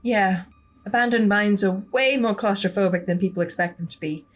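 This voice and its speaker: A woman's voice: medium pitch, moderate pace, lightly acted. A woman voicing an unbothered young ghost hunter in a game, speaking in a breezy, teasing way close to her own voice.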